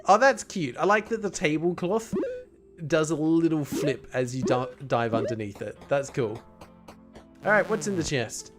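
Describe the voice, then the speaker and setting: Playful man, gaming livestream host, lively up-and-down voice. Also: a little high, normal speed, music in the background. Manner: playful, jokey, chatty with viewers. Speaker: streamer.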